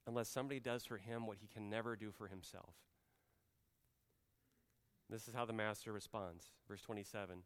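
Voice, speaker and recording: A man preaching a sermon as pastor, conversational, often slowing and dropping to a quiet voice for emphasis. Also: on the low side, clear, resonant tone, long reverb tail. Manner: conversational, drops soft and slow for emphasis.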